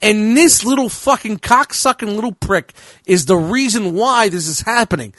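Man from New Jersey, high lively voice, dry close sound, profane animated storyteller. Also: moderate pace, no room sound. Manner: profane, animated, reenacts dialogue. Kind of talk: casual storytelling chat.

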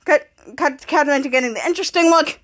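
A woman hosting a podcast, excitedly retelling a TV episode scene by scene and quoting the characters' lines. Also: sits high, fast. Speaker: podcast host. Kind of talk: casual episode recap.

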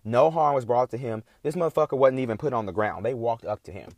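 A man's voice: medium pitch, fast talker, a little mellow, dry recording. A man in a casual, heated monologue, talking in a profane, emphatic and indignant way.

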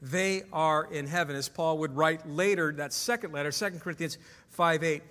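A man's voice: a little high, normal speed, bright, forceful tone, big-room sound. A man preaching a sermon as pastor to his congregation, emphatic, asking the room questions. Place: church sanctuary.

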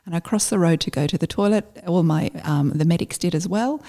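A middle-aged woman, a former army officer, telling a story in casual conversation, halting and full of fillers. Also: on the low side, dark tone. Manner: halting, with many fillers and restarts.

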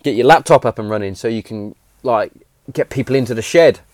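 A man's voice: mid-range voice, brisk, no echo, clean studio sound. A man in his thirties hosting his own podcast, talking in an earnest, emphatic, rambling way and swearing freely. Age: 30s. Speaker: podcast host. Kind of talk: casual heartfelt monologue. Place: home shed.

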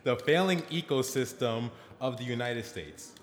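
A man's voice: medium pitch, animated, moderate pace. Laughing man in an echoey room. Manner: mock-formal, laughing. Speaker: podcast co-host, mock moderator. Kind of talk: casual comedic chat. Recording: echoey room with long reverb.

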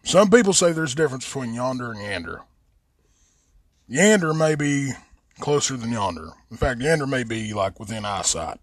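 A man's voice: medium pitch, expressive, fast, few pauses, no echo. A man with an Appalachian accent hosting a podcast, talking in a casual, rambling and blunt way and swearing freely. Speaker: podcast host. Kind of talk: casual monologue.

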